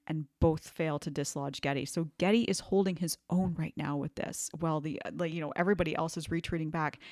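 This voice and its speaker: A woman co-hosting a podcast, walking through battle events briskly, with quick affirmations and jokes. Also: low-pitched, steady tone, darkish tone, no echo, clean studio sound. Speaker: podcast co-host. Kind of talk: casual history chat.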